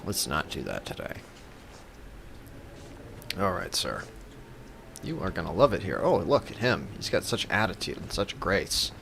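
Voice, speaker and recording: A man's voice: low-pitched, big pitch swings, measured pace, gravelly, long pauses, pushed and bright, a little hiss or hum. A man giving comedic gameplay commentary as a gaming YouTuber, joking in a playful, mock-reverent way.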